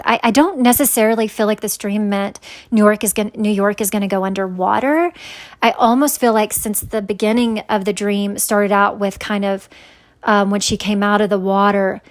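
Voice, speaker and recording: A woman's voice: medium pitch, fairly even intonation, normal speed. A woman telling a personal story in a casual, rambling way, full of fillers and restarts, earnest and searching for words. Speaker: vlogger sharing a dream.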